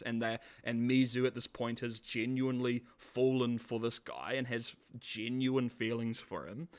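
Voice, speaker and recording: A man's voice: mid-range voice, fairly bright tone. A man giving a casual, sarcastic video review, often laughing, swearing and calling people bro. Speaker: show reviewer.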